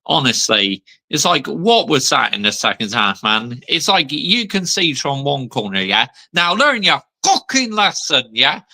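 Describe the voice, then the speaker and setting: Man, 30s, fan vlog rant, fairly high voice, sweary, seething. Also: very animated, a little slow, gravelly, hardly any pauses, sharp tone. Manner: heated, sweary, repeats "yeah?" and "man". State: seething after a defeat. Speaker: football fan vlogger. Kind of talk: ranting fan reaction vlog.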